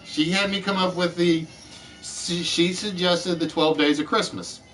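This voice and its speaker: A high-voiced man hosts a chat-based game show, drawing out his announcements with showy flair. He sounds a bit distant from the microphone, and faint music plays underneath. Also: steady tone, measured pace, a bit bright. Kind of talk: live-streamed chat game show hosting.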